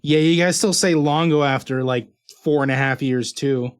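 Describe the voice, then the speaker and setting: A man's voice: on the high side, normal speed, clear, resonant tone. A male streamer casually chatting with his viewers and his dog while opening fan mail. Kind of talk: casual live-stream chat.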